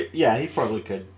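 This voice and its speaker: A man co-hosting a casual podcast chat, laughing often and hesitating with fillers. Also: medium pitch. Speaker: podcast co-host.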